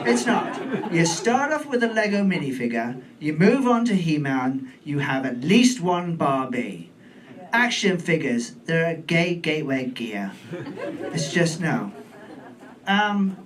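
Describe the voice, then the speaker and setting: A British man in his forties performing a stand-up comedy set on a club stage, camp and playful with deadpan asides. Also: a little high. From United Kingdom. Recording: distant mic in comedy club, faint room noise.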